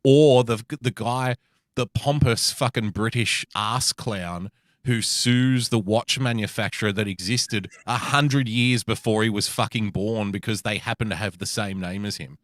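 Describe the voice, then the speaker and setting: A man's voice: fairly low pitch, unhurried, dry recording, studio quality. A man co-hosting a podcast, chatting casually and ranting bluntly with plenty of swearing. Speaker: podcast co-host. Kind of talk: casual chat.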